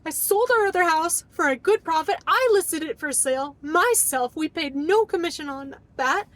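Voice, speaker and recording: A woman's voice: very high voice, animated, normal speed, fairly bright tone. A young woman vlogger telling her own story in a casual, emotional way, acting out past arguments and saying "like" a lot. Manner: emotional, re-enacts past arguments, heavy use of "like".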